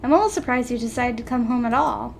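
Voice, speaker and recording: Brief: a woman reading as a stern, proper male inventor, formal and clipped, voiced in a high register. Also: fast, vocal fry, a little hiss or hum. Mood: gentle, formal. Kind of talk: reading a visual novel aloud.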